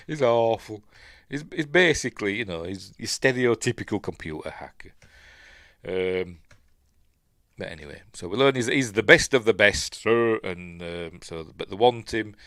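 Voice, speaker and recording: A low-voiced man with a Yorkshire accent talks through a film recap in a loose, rambling way, full of fillers, asides and self-deprecating grumbles. The recording is close and dry, with no room sound around him. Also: expressive, unhurried, sharp tone, no echo. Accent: Yorkshire English. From Yorkshire, England. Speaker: podcast host reviewing films. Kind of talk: casual movie recap and commentary.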